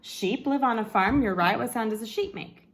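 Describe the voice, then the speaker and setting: A young woman teaching a home lesson to her child, with a gentle, encouraging, sing-song manner, at home. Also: on the high side, moderate pace. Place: home, living room then kitchen.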